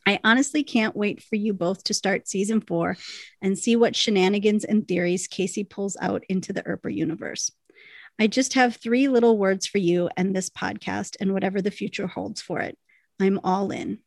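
A woman's voice: mid-range voice, steady tone, moderate pace, gravelly, no echo, clean studio sound. A British woman co-hosting a casual podcast, reading listener emails aloud and laughing often. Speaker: podcast co-host.

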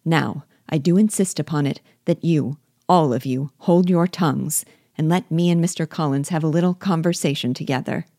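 A woman voicing a fretful, self-pitying middle-aged mother who complains in a slow, drawn-out, melancholy way. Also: deep voice, dark tone, no echo, studio quality. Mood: insistent. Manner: whining, drawn-out melancholy delivery.

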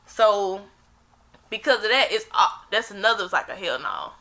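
Blunt young woman, bright voice. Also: mid-range voice, lively intonation, normal speed. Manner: blunt and emphatic, swears freely. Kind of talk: casual podcast chat.

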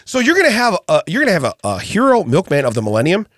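A man's voice: high-pitched, quick pace, no room sound. An older man co-hosting a casual comedic podcast in a studio, telling stories and laughing often. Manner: animated storytelling, laughs often. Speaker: podcast co-host.

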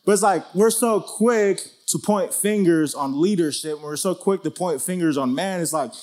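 A man teaching through a Bible passage in a relaxed, conversational way, with lots of "like" and "you know". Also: high voice, moderate pace. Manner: conversational, full of "like" and "you know", acts out quotes.

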